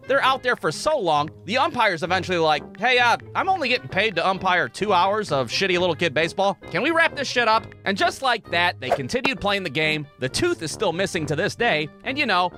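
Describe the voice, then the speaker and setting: A man with a high, bright voice tells a comedy story, swinging his pitch all over the place. He sounds sarcastic and mock-exasperated and swears constantly. Faint music plays underneath. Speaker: comedy narrator.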